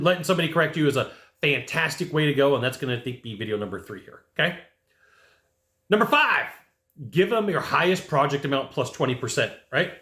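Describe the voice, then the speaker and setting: A man's voice: fairly high pitch, a bit bright, echoey room. A man coaching HVAC technicians in sales. He talks casually to camera, acts out sales scripts and tags his points with "right?" and "okay?". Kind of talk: casual instructional talk to camera.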